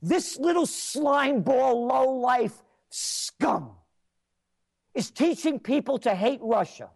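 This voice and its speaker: A man with a high voice that swings widely up and down, ranting on talk radio. He speaks slowly and lets each insult land. His tone is sarcastic and scornful, and he breaks into shouting now and then. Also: lively intonation, vocal fry. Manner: angry, mocking, insulting rant. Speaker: radio show host.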